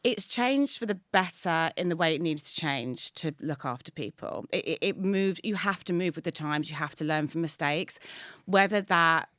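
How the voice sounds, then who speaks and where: A woman in her thirties with an English accent, chatting casually as a podcast guest and telling animated, sarcastic stories. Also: low-pitched, moderate pace, no echo, studio quality. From England.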